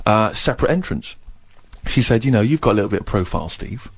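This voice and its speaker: Animated man telling a story. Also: on the low side, fast, vocal fry, husky. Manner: animated storyteller, self-deprecating. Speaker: radio co-host. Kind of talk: casual radio banter, anecdote.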